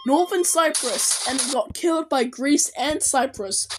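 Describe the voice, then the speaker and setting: A young woman with a high, swooping voice comments on videos in an excited reaction style, often breaking into shouts and shrieks. She talks at an unhurried pace, over heavy background noise.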